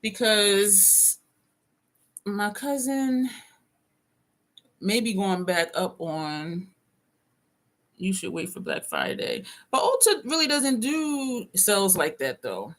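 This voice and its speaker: A woman's voice: mid-range voice, huge pitch swings, takes it slowly, pauses often. Chatty woman unboxing on a live stream. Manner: chatty, talks to viewers by name, reads chat aloud. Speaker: beauty vlogger hosting a live stream. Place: home desk.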